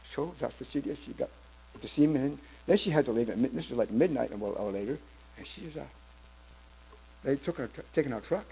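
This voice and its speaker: Older man, gravelly voice, church testimony, storytelling with restarts. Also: medium pitch, lively intonation, fairly quick, warm tone, slight background noise, rough recording. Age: 70s. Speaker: church member giving testimony.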